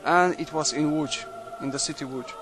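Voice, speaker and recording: A young man quietly musing aloud while playing a strategy game, halting and thinking out loud. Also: a little high, music in the background, rough recording. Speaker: video game commentator. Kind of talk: late-night let's play commentary.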